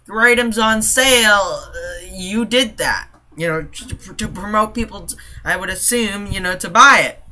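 A man's voice: sits high, bright, forceful tone. A man talking in a casual vlog, ranting in an exasperated, rambling way about a store trip. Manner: exasperated, rambling, quick to laugh. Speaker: couponing vlogger.

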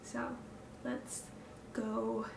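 Speaking extremely slowly, a young vlogger with a fairly high, gravelly voice and flat delivery reflects candidly to camera. Nerves leave her breathing hard, and she hesitates with fillers and sighs. Echo, a distant mic and background noise mark the recording.

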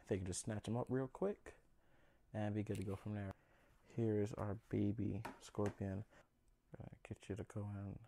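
A young man with a lowish voice talks through a home vlog in a chatty, easygoing way. He sounds a little nervous and often speaks straight to his animals as he works. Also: a little mellow. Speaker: pet keeper vlogger. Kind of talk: casual hands-on vlog narration.

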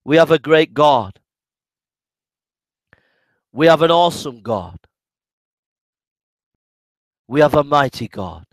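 A high-pitched male preacher delivering a passionate sermon at an unhurried pace. He builds to ringing shouts of joy, then sinks to soft, low phrases. The sound is close and dry, with no room echo. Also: lively intonation. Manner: fervent, shouting in waves then dropping low. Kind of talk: sermon and prayer.

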